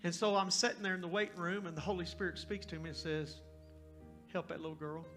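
Fifties male pastor, fairly high, tense voice, animated storyteller. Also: fast, soft background music. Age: 50s. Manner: animated, folksy, conversational storytelling. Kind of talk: storytelling sermon.

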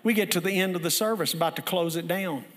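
A high-voiced male pastor with a drawl tells a story from the pulpit in a folksy, animated way, often rising to a shout. His voice rings out with the long reverb of a church hall. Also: quick pace. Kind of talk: sermon with storytelling.

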